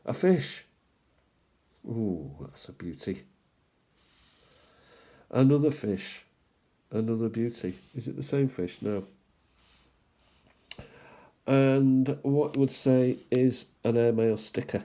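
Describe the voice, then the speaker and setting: A man hosting a stamp collecting channel, musing aloud in an unhurried way as he shows stamps one by one, with small asides. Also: mid-range voice, mellow. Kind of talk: casual show-and-tell commentary.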